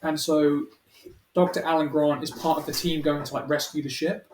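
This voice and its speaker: A man's voice: a little high, level tone, moderate pace, darkish tone, far from the mic. A man hosting a podcast, chatting casually and rambling with crude jokes and laughs. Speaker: podcast host. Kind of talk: casual chat. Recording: echoey room with faint noise.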